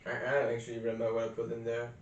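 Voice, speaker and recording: A man's voice: medium pitch, monotone, rapid-fire, dull audio. Rambling young man, roomy distant sound. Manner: rambling, hesitant, many restarts and fillers. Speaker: vlogger. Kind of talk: casual rambling vlog. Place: small room indoors by a window. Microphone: camera set up close in a cramped room.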